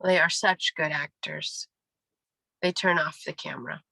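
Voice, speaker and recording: A woman in her forties giving a wry, deadpan poetry reading. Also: sits low, unhurried, creaky, husky, no echo, poor audio. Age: 40s. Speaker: poet. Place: reading venue.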